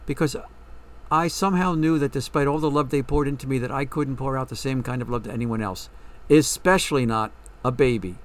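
A man's voice: medium pitch, fairly quick, lightly acted. A man reading a story, voicing a troubled young woman who doubts she deserves love, in a hesitant, questioning way.

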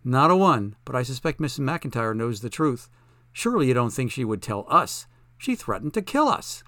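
A man's voice: mid-range voice, very animated, moderate pace, a bit bright, no echo. A male narrator voicing a confident, self-assured woman who works as a fortune teller. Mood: breezy.

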